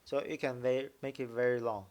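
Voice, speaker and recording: A man teaching Mandarin tones in a casual lesson, explaining slowly and repeating example syllables. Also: mid-range voice, level tone, a little mellow. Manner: slow, repetitive explaining, drawing out example syllables. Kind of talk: casual language lesson commentary.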